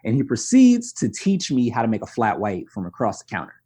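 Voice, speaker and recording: A man, a podcast guest telling stories in a candid, animated, self-deprecating way. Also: medium pitch, a little fast, breathy edge. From Brooklyn, New York. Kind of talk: conversational storytelling.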